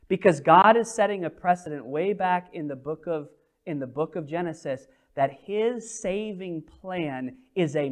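A man preaching a sermon, moving between loud proclamation and quiet, intimate storytelling, reading scripture slowly. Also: fairly high pitch. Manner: dynamic preaching, swings from loud proclamation to hushed intimate delivery; reads scripture slowly and deliberately. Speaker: pastor.

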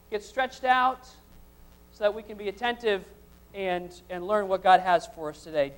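Man preaching and reading scripture aloud. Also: high voice. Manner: reads scripture in King James style, then preaches with rising intensity. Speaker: pastor. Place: church service before a congregation.

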